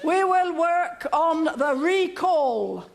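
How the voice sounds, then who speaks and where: Lady putting on a big bossy dog trainer woman, high-pitched voice, brisk and prim, barking orders. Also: lively intonation, gravelly, heavily acted. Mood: commanding. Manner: brisk, commanding, prim and precise. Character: formidable stout bossy female dog trainer, middle-aged.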